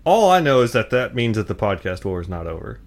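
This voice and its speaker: A man's voice: lowish voice, big pitch swings, brisk. A man co-hosting a casual motorsport podcast, laid-back and rambling, with plenty of swearing. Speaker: podcast co-host. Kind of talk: casual chat.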